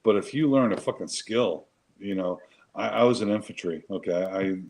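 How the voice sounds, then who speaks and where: A man's voice: on the low side, moderate pace, darkish tone, rough recording. A man, a Marine veteran co-hosting a casual chat show, telling stories in a profane, emphatic, rambling way.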